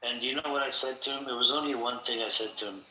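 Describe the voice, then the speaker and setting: A man's voice: medium pitch, fairly even intonation, fast talker, sharp tone, far from the mic. Blunt man hosting a chat room. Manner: blunt and dismissive. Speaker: host of an audio chat room. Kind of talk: casual heated chat. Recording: roomy echo.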